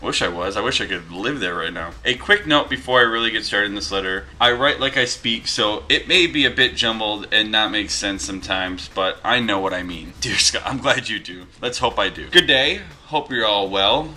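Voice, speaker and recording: Bright-voiced man in his thirties. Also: lowish voice, a little fast, few pauses, a little hiss or hum. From Western New York, USA. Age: 30s. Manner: chatty, reads letters aloud with asides. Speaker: vlogger reading viewer mail. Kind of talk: casual vlog. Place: home with dogs around. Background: dogs wrestling.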